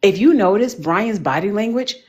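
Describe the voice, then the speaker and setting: A woman talking as a panelist in casual chat, animated and emphatic, full of slang. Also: medium pitch, normal speed.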